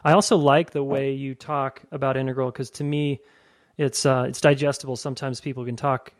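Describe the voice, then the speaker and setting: A man's voice: medium pitch, little pitch movement, a little fast. A man hosting a relationship podcast, talking casually and enthusiastically, affirming his guest. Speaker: podcast host. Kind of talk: interview and wrap-up narration.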